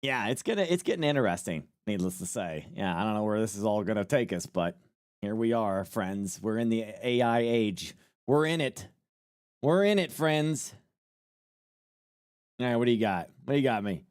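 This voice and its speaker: Lively, dry-voiced man streaming. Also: on the low side, moderate pace, clear, resonant tone, no echo. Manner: rambling, joking, swears freely. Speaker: streamer reacting to a news clip. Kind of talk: casual live-stream commentary.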